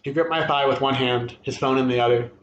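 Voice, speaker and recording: A man's voice: mid-range voice, fast talker, dull audio, slight background noise. Man reading a story in an echoey room. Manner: steady first-person storytelling, expressive at tense moments. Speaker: reader at a literary event. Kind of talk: reading a short story aloud. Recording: echoey room with faint ambience.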